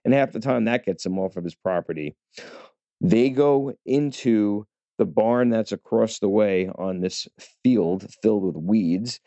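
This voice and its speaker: A man's voice: fairly low pitch, a little slow, mellow, no room sound. A man giving a chatty, casual film review, talking straight to his viewers with many fillers and restarts. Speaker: movie reviewer. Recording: dull, lo-fi dry recording.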